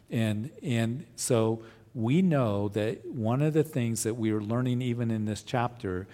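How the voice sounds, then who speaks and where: A man's voice: mid-range voice, warm tone. A male pastor preaching a conversational sermon, often asking rhetorical questions.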